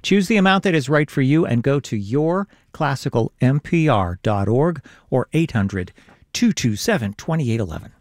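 A man's voice: expressive, normal speed, no room sound, studio quality. A male radio host earnestly urging listeners to become members during a pledge drive. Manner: earnest, persuasive fundraising pitch. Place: radio studio.

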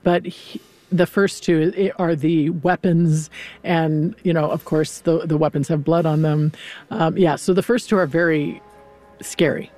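Brief: woman opera singer as interview guest, lively storyteller, faint music behind. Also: low-pitched, a little slow, dry recording. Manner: animated, acts out characters' lines while retelling. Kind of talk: conversational interview.

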